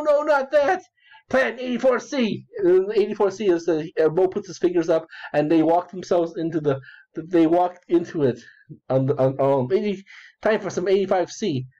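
Over dull lo-fi audio, a man with a high-sitting, dark-toned voice talks casually through his online strategy game. He rambles, repeats himself, swears and giggles as he plays.

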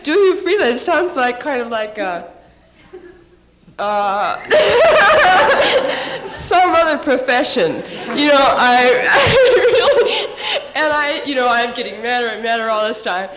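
A woman architect on a panel, her slightly high voice caught from a distance in an old recording. She tells her stories in a lively way, halting and restarting often and laughing along the way. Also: very noisy. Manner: animated anecdote-telling with frequent laughs and restarts. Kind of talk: panel discussion storytelling.

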